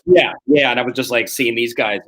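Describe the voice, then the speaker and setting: A man in his forties, a comedian guest telling rough, profane stories on a video call and acting out the quotes. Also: medium pitch, fairly bright tone. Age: 40s. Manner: rapid, profane storytelling that acts out quotes. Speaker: guest, street performer and comedian. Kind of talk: casual podcast chat.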